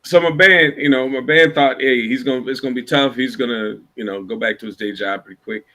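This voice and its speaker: Over a video call, a blues musician from Iowa, USA, spins stories in a laid-back, rambling, casual way. His mid-range voice moves a little fast and sounds pushed and bright.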